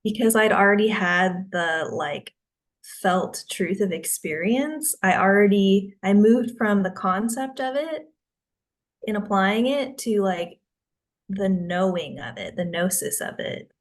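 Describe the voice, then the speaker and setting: Woman guest just chatting, rambly, says like a lot, middle-pitched voice. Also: takes it slowly. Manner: rambling, with many filler words. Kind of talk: casual chat.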